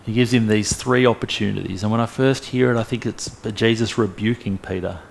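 Low gravelly guy preaching, chatty storytelling with jokes, faint hum behind. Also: a little fast. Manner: lively storytelling with humorous asides. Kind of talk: sermon.

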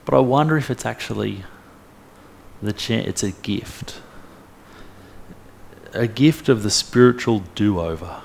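A man preaching a sermon, retelling a story in a lively way with humorous asides. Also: lowish voice, unhurried, creaky, long pauses, slight background noise.

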